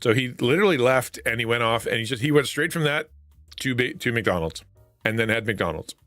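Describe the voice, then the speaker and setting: A man chats with his stream audience, laughing often as he retells funny stories, his pitch swinging lively up and down. His nose sounds stuffy. The voice is close and dry, with faint music behind. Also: a little fast, no echo. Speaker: livestream host. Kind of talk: casual chat with live chat viewers.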